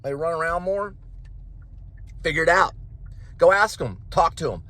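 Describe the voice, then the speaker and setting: Animated man lecturing in a rant. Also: a little high, normal speed. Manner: lecturing with rhetorical questions. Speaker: vlog host. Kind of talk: casual rant.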